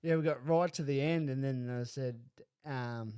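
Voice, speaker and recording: A man's voice: mid-range voice, moderate pace, warm tone, smooth, no room sound. A man hosting a podcast in easygoing chat, chuckling along with his guest. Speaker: podcast host. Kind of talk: casual chat.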